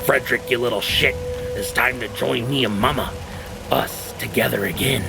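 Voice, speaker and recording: A man's voice: mid-range voice, moderate pace, creaky, poor audio. A man voicing a menacing dead father who calls out in a taunting, sinister way, over backing music.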